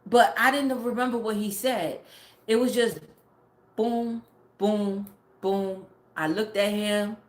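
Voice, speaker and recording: A woman's voice: mid-range voice, fairly even intonation, slow. A woman in her forties, a mother, telling a family story in blunt, profane, filler-heavy casual talk. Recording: roomy echo.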